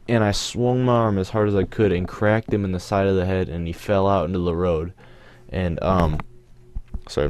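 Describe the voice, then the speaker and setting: A teenage boy with a deep, low voice tells a storytime over gameplay as a channel host. He rambles loosely and keeps correcting himself. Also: darkish tone. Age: teens.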